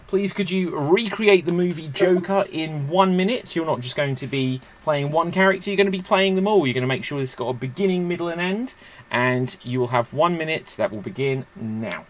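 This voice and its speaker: A man's voice: fairly high pitch, animated, normal speed, fairly bright tone, a little hiss or hum. A man hosting a live-streamed improv show, chatty and self-mocking.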